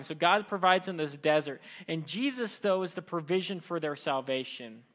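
A man preaching a sermon in a conversational, animated way, acting out the voices he quotes. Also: a little high. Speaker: pastor.

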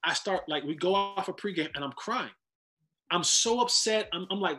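High-pitched guy telling football stories, excited, stumbles over words, soft music under it. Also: normal speed. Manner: animated, repeats words when excited. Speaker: podcast host, former football player. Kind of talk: casual storytelling.

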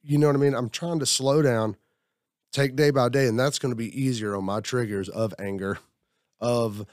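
A man's voice: mid-range voice, steady tone, moderate pace, a little mellow, no echo, clean studio sound. A man talking about his week at a table, rambling and acting out what others said. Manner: rambling, self-reflective, acts out quotes. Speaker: group member sharing. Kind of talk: casual group talk.

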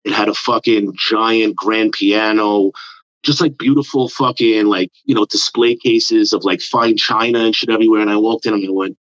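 On a casual podcast, a New York–area comedian with a lowish voice rambles through a profane story at a moderate pace. He's animated and puts on voices for quotes, and the sound is dry, dull and lo-fi without echo.

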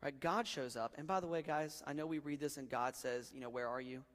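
A man's voice: a little high, brisk. Joking, casual preacher man, hall echo. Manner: casual and joking, talks to the crowd as guys, bro and dude. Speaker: pastor. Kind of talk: sermon.

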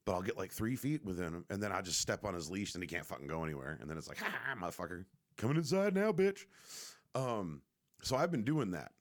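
A man with a very low, deep voice tells a rambling story in casual vlog style. His pitch swings widely as he jokes and swears his way through it, loose and unpolished. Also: expressive, fast talker. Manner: rambling, heavily profane, joking.

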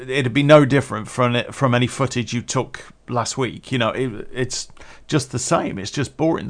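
A man's voice: medium pitch, a bit bright. A man hosting a solo podcast, rambling in casual chat, chuckling often and swearing freely. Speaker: podcast host.

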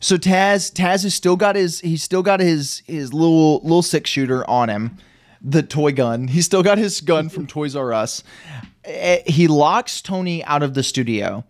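A man's voice: fairly high pitch, measured pace, dry recording, studio quality. A man chatting casually as a podcast host, rambling through a movie plot with restarts and laughs. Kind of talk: casual chat recapping a movie.

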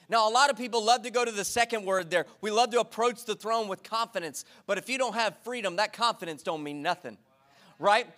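Bright, high-voiced male preacher exhorting. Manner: energetic, exhorting the congregation with call-and-response. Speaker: pastor. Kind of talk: sermon. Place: church before a congregation.

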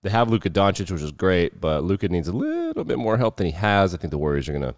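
Low-voiced guy doing sports talk, dry dull lo-fi sound, kinda sardonic. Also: huge pitch swings, fast talker, no echo. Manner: off-the-cuff, wry and sardonic. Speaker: sports show host. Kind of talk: casual sports commentary.

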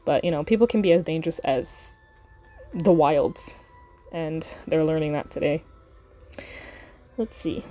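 A woman's voice: deep voice, a little slow, long pauses, mellow, faint music behind. A woman hosting a podcast, chatting casually about a book reread with laughs and fillers. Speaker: podcast host.

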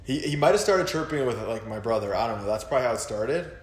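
A man's voice: mid-range voice, expressive, fast talker, reverberant. A man hosting a casual podcast chat, telling a story in a laid-back, swearing way. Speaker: podcast host.

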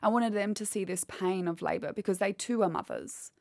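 A woman's voice: mid-range voice, a little fast, creaky, darkish tone, no room sound. A woman, telling a painful personal story candidly in an interview. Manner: candid, quotes others as she retells. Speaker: guest.

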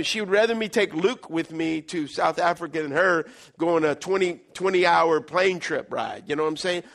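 A middle-aged male pastor preaching an animated sermon, acting out little scenes and swinging between loud and quiet. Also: high voice.

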